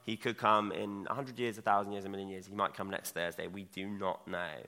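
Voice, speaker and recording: A man's voice: deep voice, flat delivery, brisk, creaky, pushed and bright. A young man preaching a sermon in a church, chatty and self-mocking as he talks. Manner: conversational, self-mocking asides. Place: church hall. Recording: long hall reverb.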